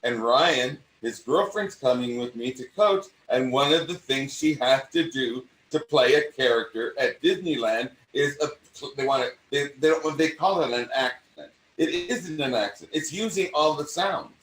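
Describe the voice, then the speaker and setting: An older man with a mid-Atlantic accent, an acting coach talking in an animated, rambling way. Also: mid-range voice, normal speed, hardly any pauses, far from the mic, slight background noise. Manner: animated, rambling, self-interrupting. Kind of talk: casual conversation. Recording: echoey room, away from mic.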